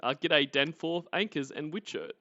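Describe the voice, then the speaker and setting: A man's voice: on the high side, normal speed, pushed and bright, dry recording. A man with an Australian accent hosting a livestream, rambling and mocking and swearing freely as he comments. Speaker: livestream host. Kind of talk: casual commentary. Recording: dry, slightly muffled audio.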